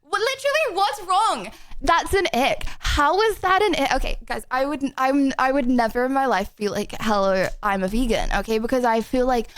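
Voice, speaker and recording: A woman's voice: high voice, lively intonation, normal speed. A young English woman streaming from home, rambling and giggling through casual chat with viewers, with lots of fillers.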